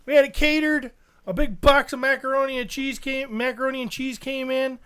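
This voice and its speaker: A man's voice: very high voice, fairly even intonation, fairly quick, pushed and bright, clean tone. A middle-aged man co-hosting a podcast, ranting profanely in casual chat. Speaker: podcast co-host.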